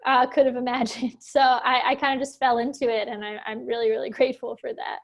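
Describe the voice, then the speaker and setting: A woman's voice: on the high side, level tone, brisk. A woman from Philadelphia, an actor and producer, chatting casually in an interview with many "like" fillers and frequent laughs. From Philadelphia, USA.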